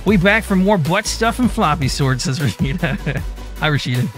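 A man hosting a game live stream, greeting chat by name in a relaxed, easygoing way. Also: on the high side, normal speed, over music. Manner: reads chat names in a relaxed drawl.

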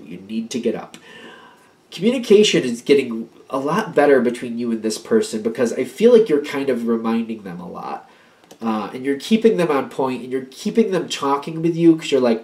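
A man giving a casual tarot reading. He talks in an animated, rambling way, repeating himself and acting out little pep talks. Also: medium pitch, a little fast. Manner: animated, acts out little pep-talk quotes; rambling, repeats and restarts phrases. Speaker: tarot reader.

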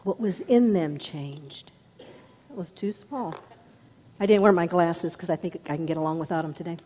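A woman's voice: lowish voice, moderate pace, dark tone, in a large hall. A woman preaching a sermon with dramatic storytelling, dropping to whispers for emphasis. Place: church.

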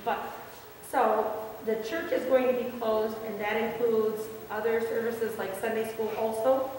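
A woman's voice: on the high side, little pitch movement, normal speed, darkish tone. A woman in the congregation asking a question in a friendly, self-deprecating way. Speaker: congregation member. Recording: echoey church hall, distant mic, faint noise.

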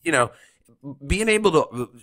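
A man co-hosting a podcast, chatting in a relaxed, conversational way. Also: fairly high pitch, unhurried, no room sound. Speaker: podcast co-host. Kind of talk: casual podcast chat.

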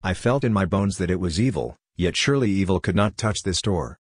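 A man narrating a scripted horror story in a measured, solemn first-person telling. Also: low voice, expressive, breathy edge, dry recording, clean studio sound.

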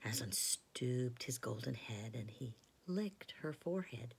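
A woman teacher reading a storybook aloud in a soft, hushed, half-whispered way. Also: extremely low pitch, expressive, measured pace, gravelly, slightly rough.

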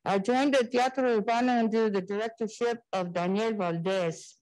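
An older woman on a community panel, recalling her school years in animated storytelling and acting out the quoted voices. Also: on the high side, moderate pace, low-quality recording. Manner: animated, acts out quoted dialogue.

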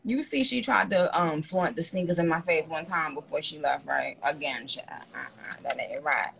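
A woman's voice: deep voice, moderate pace, creaky, fairly bright tone. A woman hosting a phone live stream, chatting casually and teasing her guest in a blunt, profane way.

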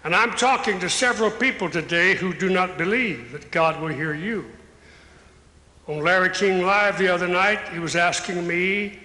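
A man's voice: high-pitched, moderate pace, pushed and bright. An older man preaching an impassioned sermon as an evangelist at a live church service, building to raised calls. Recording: echoey hall with long reverb.

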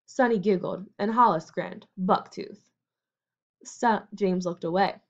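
A woman reads a novel aloud in an even, measured storytelling voice. Her pitch sits in the middle range, and the recording is a little dull and muffled. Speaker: audiobook narrator.

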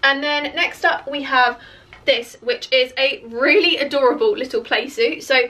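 A woman chatting casually through a clothing haul, her voice croaky and cracking from hiccups, with lots of "like" fillers. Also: sits high, steady tone, measured pace, bright, forceful tone, faint music behind. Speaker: fashion vlogger. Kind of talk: casual try-on haul chat. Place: bedroom beside a clothes rail.

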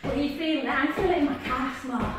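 A woman's voice: sits high, a little fast. A woman leading a workout class, upbeat, counting out reps and whooping. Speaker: fitness instructor. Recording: echoey distant room with noise.

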